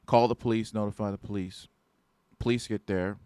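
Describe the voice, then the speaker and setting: A man's voice: lowish voice, steady tone, moderate pace, warm tone, clear, resonant tone, no room sound. A man hosting an instructional podcast about security guard duties, talking conversationally and often checking in with "right?". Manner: conversational, keeps asking "right?". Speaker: podcast host and security trainer.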